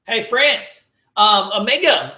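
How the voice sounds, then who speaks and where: A man's voice: high voice, very animated, takes it slowly, bright, forceful tone, roomy sound. A man hosting a casual trading livestream, joking, slangy and swearing as he answers viewers. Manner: laid-back, joking, slangy, swears and laughs often.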